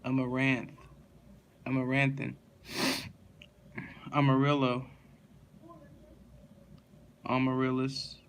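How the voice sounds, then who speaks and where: Flat monotone man reading word lists. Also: mid-range voice, slow pace, long pauses, a little hiss or hum. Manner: flat monotone listing, with small stumbles and restarts. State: yawning, tired. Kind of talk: reading dictionary words aloud in a row.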